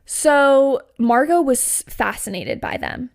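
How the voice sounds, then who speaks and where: A woman's voice: high voice, slow, creaky. Chatty young woman telling a story. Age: 20s. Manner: chatty, animated, lots of "like" and "you know". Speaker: podcast host. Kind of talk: casual storytime.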